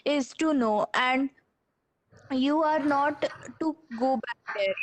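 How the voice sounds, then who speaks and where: A woman's voice: sits high, takes it slowly, background noise. A girl reading as a strict worried mother. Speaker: student reading a part.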